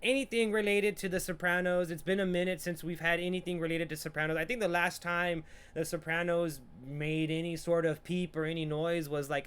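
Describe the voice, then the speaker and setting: A man's voice: a little high, a bit bright, clean tone. Profane, rambling podcast host man. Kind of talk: casual trailer reaction and movie review.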